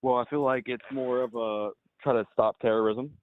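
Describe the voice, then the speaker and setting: A young man calling in to a debate show, answering hesitantly and haltingly. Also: mid-range voice, fairly even intonation. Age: young adult. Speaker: caller. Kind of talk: phone-in debate. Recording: tinny dry phone line.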